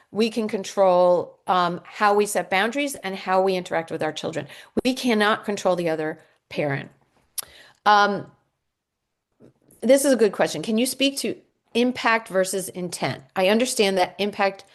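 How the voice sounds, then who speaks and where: Earnest woman coaching with frequent ums. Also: mid-range voice. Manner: earnest, reassuring, many ums and restarts. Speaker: divorce coach leading a workshop. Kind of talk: workshop talk with audience questions.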